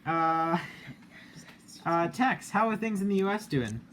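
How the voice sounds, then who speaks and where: A man's voice: high voice, expressive, slow pace, a bit bright. A man hosting an online strategy game, asking each player for updates, hesitant and full of fillers. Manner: hesitant, many fillers, laughs often. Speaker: game host. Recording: light background noise.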